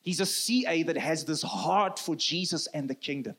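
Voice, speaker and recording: A South African man in his thirties, a native Afrikaans speaker, preaching a sermon in an earnest way and often dropping to a soft, low voice for emphasis. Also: animated, normal speed, breathy edge. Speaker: pastor.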